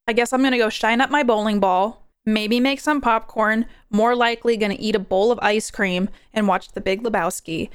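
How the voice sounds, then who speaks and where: A young woman hosting a podcast, chatting casually on her own, animated and prone to rambling tangents. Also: fairly high pitch, normal speed, few pauses, smooth, no echo, studio quality. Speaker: podcast host. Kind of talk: casual solo movie chat.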